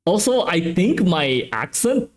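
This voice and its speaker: A man from Malaysia talks on his stream with a westernized English accent, in a slightly high voice that rises and falls a lot. He chats casually, talkative and quick to correct himself with a laugh. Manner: animated, talkative, playfully self-correcting. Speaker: streamer hosting a tabletop game channel.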